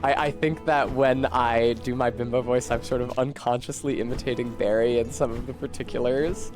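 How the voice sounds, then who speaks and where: A man's voice: mid-range voice, steady tone, moderate pace, music in the background. Chatty streamer man, Philly-tinged. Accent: Philadelphia-tinged. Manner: talkative, info-dumping, swears casually. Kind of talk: casual chat while playing a game.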